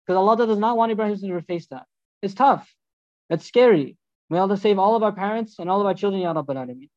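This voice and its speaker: A man giving a storytelling sermon as a religious teacher, animated and acting out the dialogues. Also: high voice, rapid-fire, no room sound, highs cut off.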